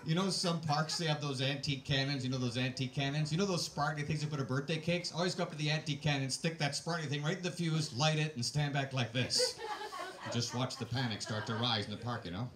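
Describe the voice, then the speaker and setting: A man doing a stand-up comedy set, deadpan and hesitant, full of "uh" fillers. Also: mid-range voice, fast talker, crowd noise.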